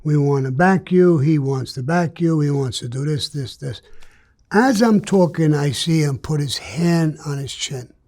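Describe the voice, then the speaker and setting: A man's voice: a little high, a little slow, a little mellow. An older man, telling a story in an interview in a blunt, streetwise way and acting out the dialogue. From New York.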